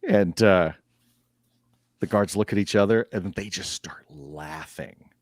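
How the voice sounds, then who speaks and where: A man runs a tabletop game as game master, describing each scene at an unhurried pace. His voice sits very low. The sound is close and dry. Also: dry recording. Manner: unhurried descriptive narration with fillers.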